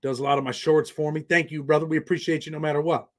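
Livestream host, American man, voice on the high side, relaxed and slangy, talks straight to chat. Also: fast talker. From United States. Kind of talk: casual livestream chat reading viewer comments.

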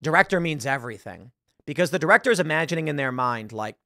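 A man's voice: on the high side, animated, fast talker, bright, forceful tone, no room sound, studio quality. A man hosting a casual talk show, rambling about films while searching online and acting out lines. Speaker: podcast host. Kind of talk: casual commentary.

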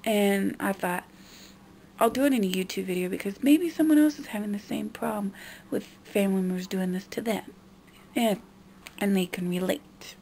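A woman's voice: moderate pace, gravelly, dark tone, a little hiss or hum. A young woman vlogger venting in a frustrated monologue about her family. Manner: frustrated, mimicking others in a high nagging voice.

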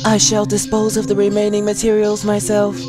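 A man voicing a cool, formal woman lab assistant in a horror game, speaking in a measured way. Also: high voice, completely flat delivery, over loud music, pitched above the performer's own voice, natural voice.

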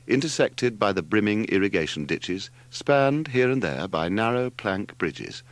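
An older man reading a novel aloud as audiobook narrator, in an expressive storytelling manner. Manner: expressive storytelling, wide swings in pitch. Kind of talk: scripted narration.

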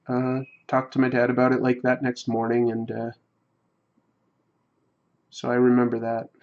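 Male streamer with a mid-range voice, casual and halting storytelling, dull lo-fi audio. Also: medium pitch, monotone. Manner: rambling, reflective, halting. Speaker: livestream host. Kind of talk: casual storytelling while drawing on a livestream.

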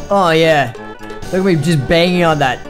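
A young man narrating his own gameplay in loose, excitable commentary, cursing and joking as things happen. His voice sits a little high for a man. Faint music plays underneath. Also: normal speed. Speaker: gaming video host. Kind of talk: let's play commentary.

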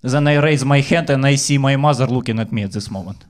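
Deadpan young Ukrainian stand-up comic. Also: male voice, medium pitch. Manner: deadpan storytelling with filler pauses. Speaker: stand-up comedian. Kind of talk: stand-up routine.

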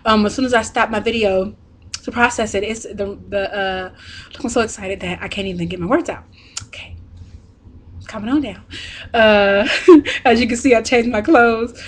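A young woman vlogging as she unboxes a package, excited and gushing, and laughing often. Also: mid-range voice, normal speed, long pauses, slight background noise.

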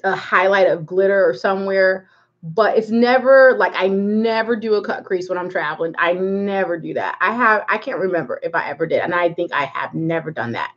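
A woman's voice: mid-range voice, brisk, lo-fi sound. A woman hosting a live makeup tutorial, chatting casually and rambling while she greets viewers by name. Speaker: makeup livestream host.

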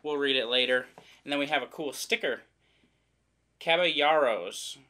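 A man's voice: medium pitch, fairly even intonation, fast talker, bright, forceful tone, slight background noise. A man from the American Midwest giving a casual, rambling unboxing commentary, joking and poking fun at himself as he goes. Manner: rambling, joking, self-deprecating. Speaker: vlogger reviewing products.

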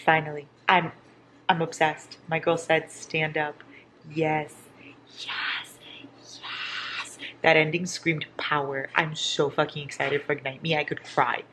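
A woman's voice: deep voice, little pitch movement, normal speed, a bit bright, slight background noise. A young woman vlogging about her reading at home, talking casually and dramatically, gushing and swearing as she reacts. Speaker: book vlogger.

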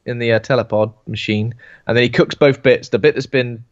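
A man's voice: mid-range voice, steady tone, fairly quick, no echo. Male co-host, jokey film talk, dry and slightly dull recording. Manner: jokey, slips into silly voices. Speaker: podcast co-host. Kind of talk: casual film chat.

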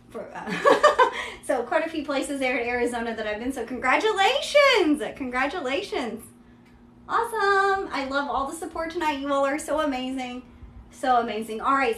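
A woman's voice: high voice, sharp tone, echoey room, slight background noise. A woman from Kentucky with a Southern drawl, hosting a live-stream sales showcase in a chatty, upbeat way. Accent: Central Kentucky Southern drawl. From Kentucky, USA. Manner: chatty and upbeat, filler-heavy ("yeah", "there you go"). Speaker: host selling vintage luxury bags.

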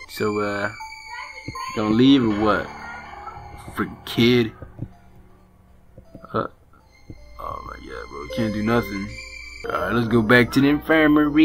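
A man's voice: fairly low pitch, animated, measured pace, vocal fry, pauses often. A man in his late teens from Las Vegas, chatting casually through a let's play at home and calling everyone bro. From Las Vegas, Nevada. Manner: casual and slangy, keeps saying bro. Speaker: gamer. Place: home with brothers nearby. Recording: game music behind the voice.

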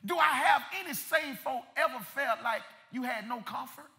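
High, bright-voiced male preacher in a reverberant church. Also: moderate pace, soft background music. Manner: impassioned preaching that swells into shouts, with rhythmic repetition. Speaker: pastor. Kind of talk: sermon. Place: church sanctuary.

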